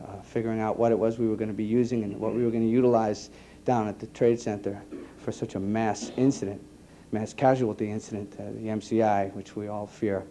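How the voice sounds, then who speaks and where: A man, an EMT giving an earnest personal testimony to an audience, halting and repeating his words. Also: fairly low pitch, little pitch movement, mellow, slight background noise. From New York. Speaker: EMT speaking to a conference.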